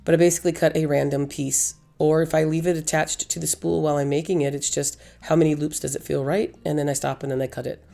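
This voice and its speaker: Hoarse gravelly woman crafting tutorial. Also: deep voice, level tone, fast talker, few pauses, dark tone. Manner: chatty, rambling, self-correcting. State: hoarse, losing her voice. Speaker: craft channel host. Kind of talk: casual crafting tutorial voice-over.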